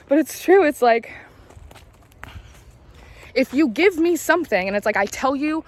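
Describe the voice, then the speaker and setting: A woman's voice: fairly high pitch, expressive, measured pace, pauses often. A woman in her late twenties telling candid, rambling stories in a casual vlog, confiding and swearing now and then as she walks. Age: late 20s. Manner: talks while walking. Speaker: tarot reader and spiritual vlogger.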